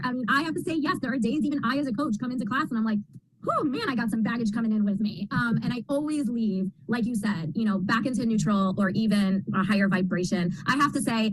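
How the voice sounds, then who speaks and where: A woman's voice: mid-range voice, rough recording. A woman coach leading a casual group video call, affirming the others as she talks.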